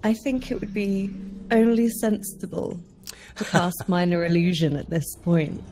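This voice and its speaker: A woman's voice: lowish voice, a little slow, mellow, slight background noise. A woman player in a tabletop game, talking casually and a little hesitantly. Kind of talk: casual play chat.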